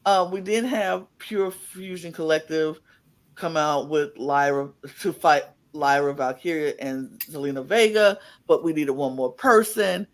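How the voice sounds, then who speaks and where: A man's voice: on the high side, measured pace. A man co-hosting a podcast, recapping wrestling in casual chat with rambling, playfully sarcastic storytelling. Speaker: podcast co-host.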